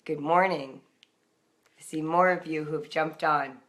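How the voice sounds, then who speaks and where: A woman reading her homeschooling encouragement aloud, then chatting casually with her live audience, gentle and reflective, in her morning voice. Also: low voice, fairly even intonation, unhurried. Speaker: homeschool writer reading her daily book on a live stream.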